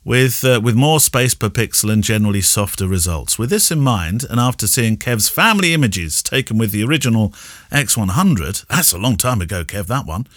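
A man from Yorkshire speaks with a polished English received pronunciation accent, his pitch rising and falling a lot as he chats. He co-hosts a podcast in a dry, close-miked sound with no room around him, and he laughs often between listener questions. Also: brisk, no echo. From Yorkshire, England. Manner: lively, chuckles often, reads listener questions. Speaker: podcast co-host. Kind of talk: casual chat.

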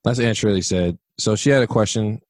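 A man's voice: on the low side, fairly quick, darkish tone, no echo. A man hosting a podcast, asking rambling questions with hesitant restarts and reading out listener questions. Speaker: podcast host. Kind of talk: moderating a podcast discussion.

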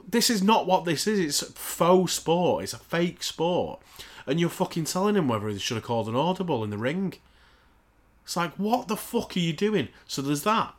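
A man's voice: a little high, very animated, moderate pace. A man, co-hosting a podcast, rants in a casual, sarcastic and heavily profane way. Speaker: podcast co-host.

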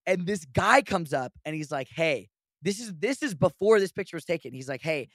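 High-voiced man telling stories on a podcast. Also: brisk, no echo, studio quality. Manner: laughing, animated storytelling with acted-out quotes. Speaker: podcast host. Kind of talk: casual podcast chat.

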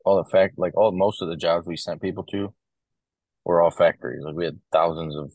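Speaking a little fast in a low, slightly rough voice, the young man, an Ohio corrections officer guesting on a podcast, tells casual stories heavy with fillers. There's no echo, but the recording is rough.

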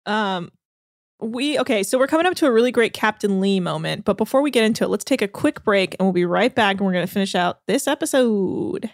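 A woman's voice: mid-range voice, expressive, a little fast, no room sound, clean studio sound. A woman hosting a podcast, recapping a TV show in casual chat and telling it with animation and laughter. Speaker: podcast host.

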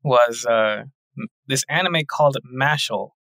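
A man co-hosting a podcast, talking casually in a hesitant, halting way. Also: mid-range voice, a bit bright, no echo. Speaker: podcast co-host. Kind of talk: casual chat.

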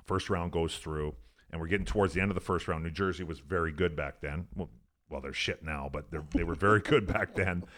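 Deep voiced ex hockey guy from alberta, swears a lot, keeps saying "like", just chatting. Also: fairly quick, fairly bright tone. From Alberta, Canada. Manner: profane, rambling, frequent "like" and "I'm like". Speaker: guest, former pro hockey player. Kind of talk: casual storytelling interview.

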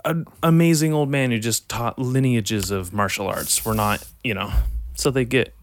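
A man's voice: medium pitch, moderate pace. A man chatting casually on a podcast, a rambling, self-deprecating storyteller who swears freely. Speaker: podcast co-host.

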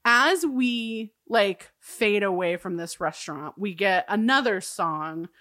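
A woman's voice: mid-range voice, lively intonation, slow, pushed and bright, dry recording, studio quality. A young adult woman co-hosting a podcast, chatting casually about a TV episode, laughing often and using many fillers. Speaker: podcast co-host. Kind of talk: casual chat recapping a TV episode.

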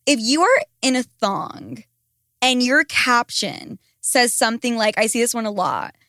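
A woman's voice: on the high side, a little slow, no echo, studio quality. A young woman chatting frankly on a podcast, blunt and profane, telling stories with lots of energy. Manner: blunt, profane, animated storytelling. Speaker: podcast co-host. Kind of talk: frank casual chat.

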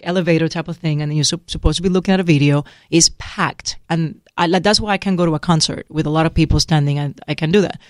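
A woman on a talk show telling personal stories in a lively way, acting out the voices she quotes. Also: low voice, no echo, studio quality. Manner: acts out quoted voices, laughs through stories. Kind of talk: animated personal storytelling.

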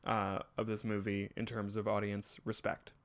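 A young man hosting a podcast, chatting casually with a guest. He drops deadpan jokes in a relaxed, even way. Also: on the low side, moderate pace. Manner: joking, deadpan asides. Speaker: podcast host. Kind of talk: casual chat.

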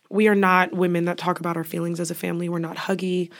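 A woman's voice: on the low side, little pitch movement, fast talker. A young woman co-hosting a podcast, sharing a personal story in casual chat and often sinking into a near whisper. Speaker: podcast co-host.

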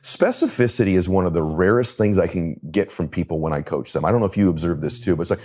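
A man with a very low voice speaks as a podcast guest. He tells his story with punchy emphasis and repeats key phrases to drive them home. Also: fast talker, few pauses, a little mellow, breathy edge. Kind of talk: energetic storytelling in a podcast interview.

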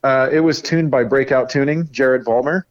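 A man of middle pitch recounts his race in a relaxed podcast conversation. He tells it with animated energy and breaks into quick laughs. The sound is close and dry. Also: no room sound, lo-fi sound. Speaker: racing driver guest. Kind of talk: casual podcast interview.

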